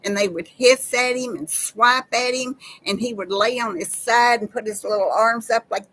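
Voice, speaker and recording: A woman's voice: a little high, normal speed, few pauses, fairly bright tone, poor audio. A woman, hosting a casual live chat with viewers in a folksy, chatty way. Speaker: live-stream host.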